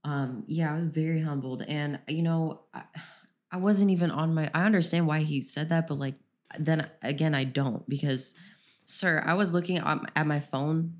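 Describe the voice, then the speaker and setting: A woman's voice: deep voice, moderate pace. A young woman co-hosting a podcast, telling a rambling story in casual chat, with many "um"s and "you know"s. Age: young adult. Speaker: podcast co-host.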